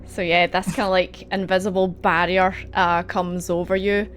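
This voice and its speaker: A woman's voice: lowish voice, flat delivery, normal speed, slight background noise. A woman narrating as game master, hesitating often over fillers and laughing between lines. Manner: hesitant, filler-heavy, giggly.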